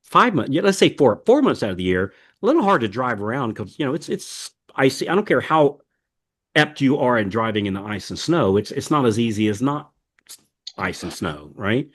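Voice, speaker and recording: A man's voice: medium pitch, big pitch swings, normal speed, a bit bright. A man hosting a podcast in casual, folksy chat, rambling with many fillers and restarts. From United States. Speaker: podcast host.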